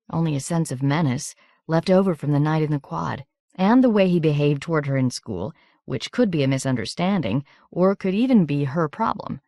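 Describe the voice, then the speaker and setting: A woman narrating an audiobook in a measured, steady reading. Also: low-pitched, vocal fry, no echo, studio quality.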